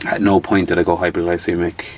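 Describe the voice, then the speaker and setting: A low-voiced, fast-talking man in his thirties with an Irish accent guests on a casual interview. He's animated as he tells his stories, restarting sentences and swearing occasionally.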